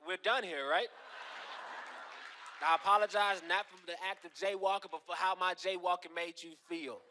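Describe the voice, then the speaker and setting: A man doing stand-up comedy, telling stories in a deadpan way with punchy asides. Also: high-pitched, brisk, slight background noise.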